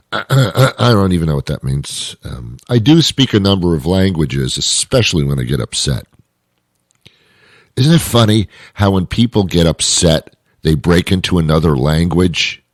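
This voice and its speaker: A man's voice: low-pitched, lively intonation, normal speed, dry recording, clean studio sound. A man hosting his own show, delivering a rambling comic monologue full of wry asides and self-interruptions. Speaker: show host. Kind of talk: comedic monologue.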